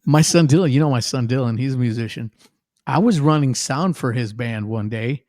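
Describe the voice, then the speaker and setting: A man, a musician guest on a podcast, telling animated stories in casual chat and laughing often. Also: mid-range voice, a little fast, dry recording, studio quality.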